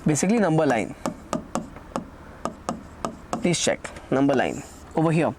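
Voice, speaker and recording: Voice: medium pitch, big pitch swings, measured pace, noisy background. Teacher repeating steps for students. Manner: repeats key phrases, asks and answers own questions. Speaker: math teacher. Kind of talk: recorded exam-prep lecture.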